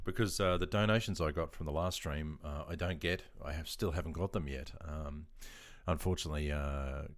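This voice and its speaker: Deep-voiced Australian man chatting on stream. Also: brisk, dry recording. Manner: relaxed, rambling, chuckles often, many ums. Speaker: live streamer. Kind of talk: casual live stream chat.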